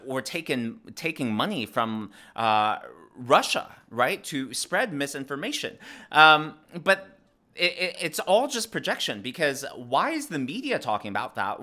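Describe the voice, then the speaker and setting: Young guy ranting about politics, bright lively voice, lots of um and uh. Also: mid-range voice. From American South. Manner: animated, frequent fillers and restarts. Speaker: political commentary host. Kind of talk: casual political commentary.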